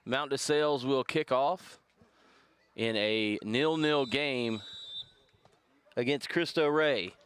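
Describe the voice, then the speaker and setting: Man, fill-in soccer commentator, smooth clear voice, steady, lifts on shots. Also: medium pitch, slow pace, long pauses. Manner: steady, lifts on big plays. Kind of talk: play-by-play commentary. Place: press box at outdoor field.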